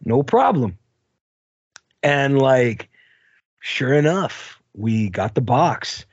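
A man's voice: mid-range voice, sing-song, very slow, slightly rough, no echo, lo-fi sound. A man co-hosting a podcast, casually telling a long story, rambling, swearing and laughing along. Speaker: podcast co-host.

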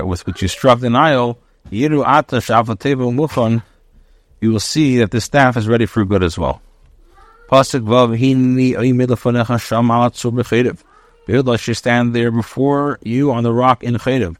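A man's voice: mid-range voice, moderate pace, no room sound. A man teaching a daily Bible lesson, reading Hebrew verses with Ashkenazi pronunciation and translating each phrase in short bursts. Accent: Hebrew in traditional Ashkenazi pronunciation. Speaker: rabbi teaching Torah with commentary.

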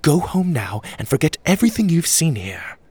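A man's voice: fairly high pitch, very animated, normal speed, darkish tone, husky, no echo, pitched above the performer's own voice. A man voicing a polite but guarded woman who guards a temple, in a storybook reading, speaking formally and curtly. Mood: warning. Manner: formal, clipped speech.

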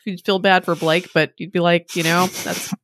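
A woman's voice: fairly low pitch, level tone, normal speed, fairly bright tone. A woman in casual chat, agreeing readily with short replies. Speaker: book podcast co-host.

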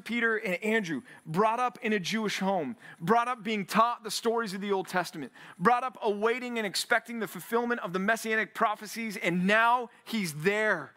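A man preaching to a men's Bible study with an energetic, animated delivery. His voice sits high and bright. He acts out the quotes he reads and builds to near shouts when he urges his listeners. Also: fairly quick. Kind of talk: sermon.

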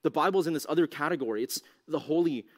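A man's voice: fairly high pitch, fast. A man teaching a youth ministry talk in a casual, conversational way, full of "like" and rhetorical questions to his listeners. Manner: casual, conversational, heavy use of "like"; asks the audience rhetorical questions. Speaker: youth pastor.

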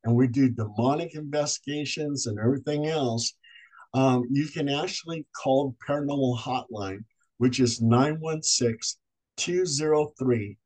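A man's voice: mid-range voice, low-quality recording. A man, a paranormal investigator, telling his stories as a podcast guest and acting out the voices in them. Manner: animated storyteller acting out voices. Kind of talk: storytelling in a podcast interview.

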